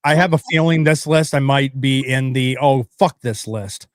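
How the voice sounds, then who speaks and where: A man's voice: mid-range voice, normal speed, dry recording, studio quality. A man from Michigan in a casual group chat, telling jokes and swearing with a laugh. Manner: joking, profane, storytelling.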